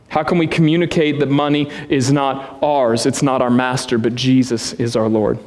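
A man in his thirties delivers a sermon in a relaxed, earnest way, dropping casual asides between points. His voice sits a little high for a man. The sound carries a long reverb from a church sanctuary. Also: normal speed, hardly any pauses. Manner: earnest, conversational preaching with asides. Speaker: pastor.

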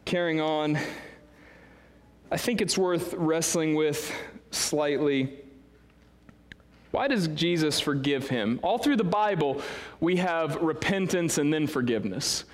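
A man's voice: fairly high pitch, animated, slow, pauses often. A man preaching a sermon as pastor, in a conversational way with frequent "right?" asides. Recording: long reverb of a large hall.

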